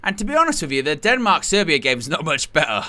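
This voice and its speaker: A man's voice: on the high side, huge pitch swings, fast talker, pushed and bright. A man hosting a live football watch-along, talking in a sarcastic, exasperated way. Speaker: host.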